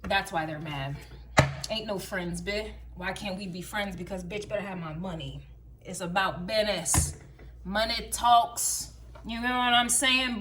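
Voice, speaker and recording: A woman's voice: high voice, bright, forceful tone. Blunt, profane woman giving a tarot reading. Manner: blunt, profane, sing-song repetitive chanting. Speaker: tarot and astrology reader. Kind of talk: casual collective tarot reading.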